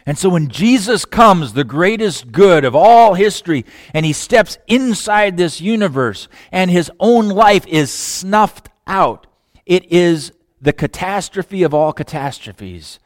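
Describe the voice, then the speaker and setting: A man preaching a sermon, with long pauses, shifting between loud emphatic lines and hushed quiet ones. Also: high-pitched, lively intonation, dry recording, studio quality. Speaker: pastor.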